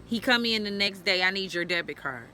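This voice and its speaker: A woman tells a personal story straight to the camera in a medium-pitched, animated voice that's pushed and bright, going a little fast. This candid storytelling vlog is blunt, heavy on profanity, and directly urges other women. A little hiss or hum sits in the audio.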